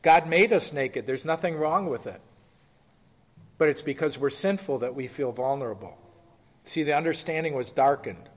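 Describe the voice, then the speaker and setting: A man's slightly high voice, at a moderate pace, fills a large hall as he leads an interactive Bible study, reading passages aloud and conversationally questioning the group.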